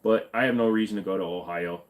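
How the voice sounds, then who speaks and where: A man's voice: lowish voice, fast. A man hosting a casual livestream, joking as he reads and answers viewer comments. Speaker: livestream host.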